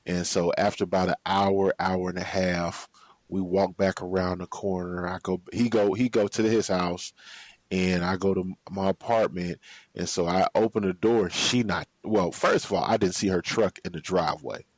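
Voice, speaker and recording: Low-voiced man telling a story. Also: no room sound. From United States. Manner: relaxed, drawn-out storytelling with slang. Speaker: podcast guest. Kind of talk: storytelling in a casual interview. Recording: slightly muffled, dry sound.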